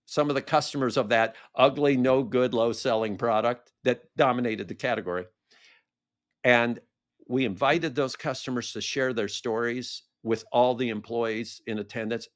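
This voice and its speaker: A man's voice: medium pitch, moderate pace. A man who is a podcast guest, telling a business story and acting out the dialogue. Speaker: guest, brand strategist.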